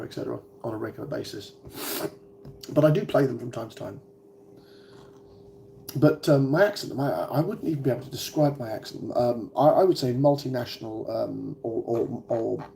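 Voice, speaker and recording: A man's voice: mid-range voice, vocal fry, mellow, a little hiss or hum. A man in his forties with a British accent, chatting casually with viewers on a livestream, rambling and hesitant with many ums and restarts. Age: 40s. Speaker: vlogger.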